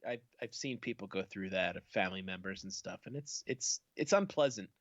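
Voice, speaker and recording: A man's voice: deep voice, lively intonation, a little fast, fairly bright tone, no echo, muffled recording. A man chatting casually on a podcast, joking around and breaking into silly impressions. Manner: jokey, slips into silly impressions. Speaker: guest.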